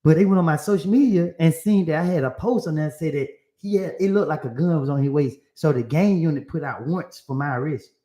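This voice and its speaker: A man telling a story to an audience in animated, casual vernacular, often repeating himself. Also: a little high, fast talker, hardly any pauses. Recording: roomy echo.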